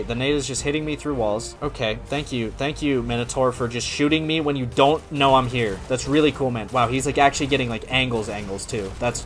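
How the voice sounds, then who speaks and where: A man at a middle pitch talking through his gameplay as it happens, bursting into exclamations and grumbling sarcastically at himself. Faint music plays underneath. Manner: excitable, swears, frequent exclamations and muttering; self-deprecating, sarcastic. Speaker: gaming content creator. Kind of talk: live gameplay commentary.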